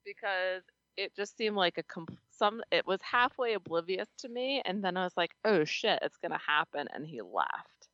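A woman co-hosting a podcast in casual chat, blunt and quick to swear, laughing often. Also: fairly low pitch, sing-song, a bit bright, no echo, dull audio. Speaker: podcast co-host.

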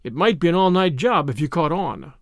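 A man's voice: fairly high pitch, lively intonation, brisk, dry recording. A man reading aloud, voicing a brash young American millionaire who talks dryly. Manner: dry, drawling.

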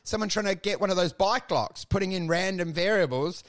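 A man's voice: high-pitched, brisk, fairly bright tone. A man co-hosting a comedy podcast, telling rambling stories, acting out voices and laughing often. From Australia. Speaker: podcast co-host and stand-up comedian. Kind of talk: casual comedy podcast chat.

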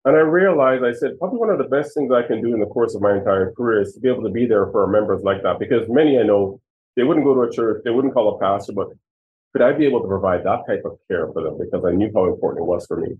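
A former police chief from Jamaica, a man in his sixties, recounts his own experiences earnestly and with feeling while being interviewed. His lowish voice comes quickly. The sound is tinny, as if heard through a phone.

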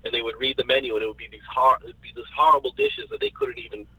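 Lively, husky-voiced man chatting. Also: medium pitch, racing, no echo, rough recording. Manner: enthusiastic, repeats words while searching. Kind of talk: casual chat.

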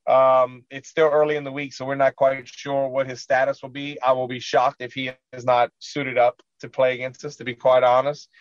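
A man's voice: medium pitch, little pitch movement, moderate pace, hardly any pauses, dry recording, highs cut off. Frustrated man breaking down a football game. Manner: earnest, frustrated, rambling game recap with fillers. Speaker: radio show co-host, football analyst. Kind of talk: sports radio talk.

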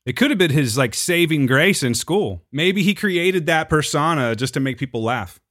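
A man's voice: a little high, lively intonation, normal speed, a bit bright. A man co-hosting a podcast in casual chat, enthusiastic and emphatic, laughing easily. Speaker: podcast co-host.

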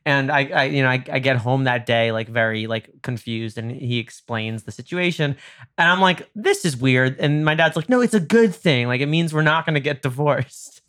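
A man's voice: normal speed, clean tone. Young man telling a story. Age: 20s. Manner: animated, acts out quoted dialogue with jumps in pitch. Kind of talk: casual storytelling chat.

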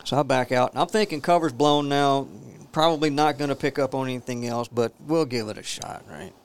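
A man's voice: mid-range voice, brisk, clean tone. A man who used to be a police officer, telling a profane story. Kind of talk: casual storytelling.

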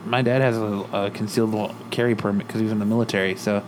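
Against a noisy background, a man with a fairly low voice talks fast. Hailing from Arizona, USA, he tells road-rage stories in a casual chat, acting out the quotes with lots of swearing in lively storyteller fashion.

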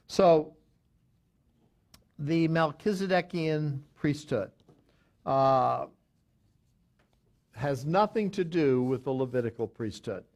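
A man's voice: fairly high pitch, takes it slowly, long pauses, darkish tone. A man teaching a Bible study, talking unscripted with many fillers and self-corrections, and reading verses aloud with added emphasis.

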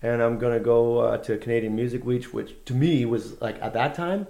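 A man's voice: medium pitch, steady tone, moderate pace, creaky, dark tone. A man, a guest musician, telling anecdotes in a casual conversation, rambling and laid-back with lots of fillers and restarts.

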